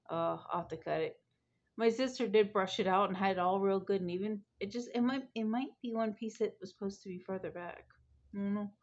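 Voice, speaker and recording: A friendly woman rambles along in a casual vlog chat. Her voice sits at an ordinary middle pitch. The home recording sounds a little dull and muffled. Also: a little mellow. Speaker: vlogger.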